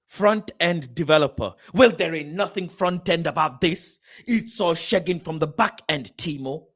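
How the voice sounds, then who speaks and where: A young man rants at his screen, mocking and swearing as he reads out names. His voice sits on the high side and swings widely between loud outbursts and low mutters. He sounds like a football vlogger who is fed up. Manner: mutters while reading a screen aloud. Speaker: football channel host. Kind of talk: ranting reaction commentary.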